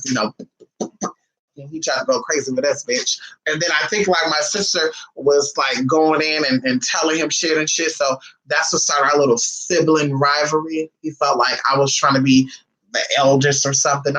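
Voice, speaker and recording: A man with a higher, slightly bright voice is heard in a rough recording. Vlogging casually, he tells family stories in a sassy, flamboyant, and profane style.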